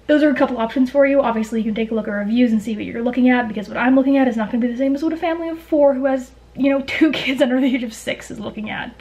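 A young Canadian woman vlogging in a quick, chatty way, full of fillers and asides, giving travel tips to camera. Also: on the high side, a little mellow. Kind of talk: casual chat to camera.

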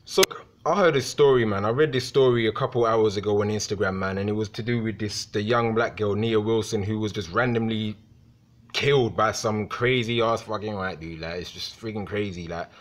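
A young man delivering a heated, profanity-filled rant vlog to his viewers. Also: a little fast. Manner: heated, profane, swings in pitch. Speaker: vlogger.

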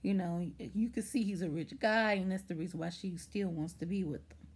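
A woman reviewing TV recaps an episode in a chatty, rambling way, full of fillers like "like" and "anywho," and animatedly acts out quotes as she retells it. Her voice is fairly low and husky, at a normal speed.

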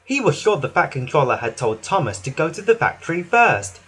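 A man reads a children's storybook aloud with lively, expressive pitch. His voice is slightly husky and sits a touch high. He restarts now and then as he reads. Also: fairly quick. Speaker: narrator. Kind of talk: storybook narration.

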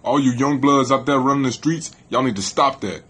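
A man's voice: mid-range voice, brisk, heavy background noise, voice pushed down, close to an everyday voice. A man playing a boastful young inmate who preaches to youths in a comedy skit, with exaggerated tough talk. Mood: lecturing.

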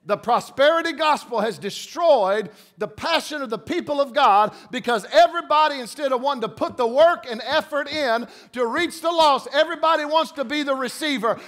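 A man's voice: very high voice, moderate pace, few pauses, fairly bright tone. A man preaching a sermon with passion, now and then mimicking the voices of churchgoers.

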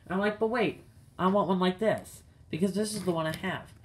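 Ranting young man, slightly high voice. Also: fairly quick. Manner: exasperated, ranting, talks to viewers. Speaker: diecast collector reviewing cars. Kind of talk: casual video review.

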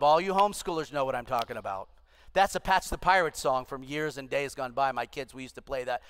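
A man's voice: medium pitch, brisk, fairly bright tone, smooth. A middle-aged man, a pastor, preaching a sermon and urging the congregation to respond aloud. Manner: exhorting, calls for congregation responses. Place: large church auditorium. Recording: long hall reverb.

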